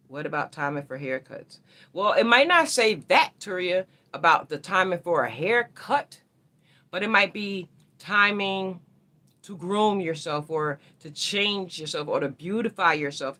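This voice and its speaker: A woman's voice: fairly low pitch, lively intonation, moderate pace, pushed and bright. A woman hosting a casual astrology livestream, talking to viewers in a slangy, rambling way.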